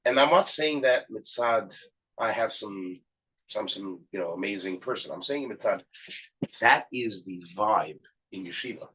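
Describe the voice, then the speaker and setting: A man with a low, husky voice tells a story from his work at a yeshiva. He shares it in relaxed conversation and slips into the voices of the people he quotes, so the telling stays lively. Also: unhurried, low-quality recording. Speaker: yeshiva staff member.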